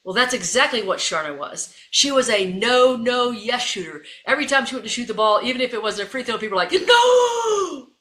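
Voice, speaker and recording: Bright-voiced woman telling a lively story. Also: on the high side, quick pace, few pauses. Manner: lively, addresses listeners as folks. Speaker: guest, keynote speaker and coach. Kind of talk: animated storytelling. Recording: roomy echo.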